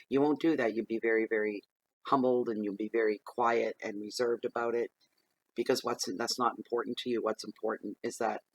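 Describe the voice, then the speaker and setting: A man's voice: medium pitch, fairly bright tone, no room sound, poor audio. A man giving a casual tarot reading, chatty and plain-spoken, often repeating himself as he gives direct advice. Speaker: tarot reader.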